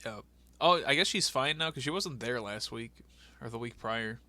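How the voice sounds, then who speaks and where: A man's voice: medium pitch, animated, moderate pace, no room sound. A man co-hosting a podcast, chatting casually about an old wrestling show and laughing as he acts out what people said. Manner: laughing, acts out quotes in loud mock voices. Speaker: podcast co-host. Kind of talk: casual wrestling recap chat.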